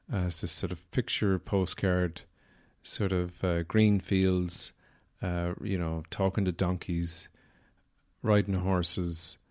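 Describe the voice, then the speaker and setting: An Irish man hosting a solo podcast, rambling wryly from thought to thought with lots of "uh" fillers. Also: low voice. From Ireland. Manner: rambling and digressive, many "uh" fillers; wry, self-deprecating humor. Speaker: podcast host. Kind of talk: casual solo podcast talk.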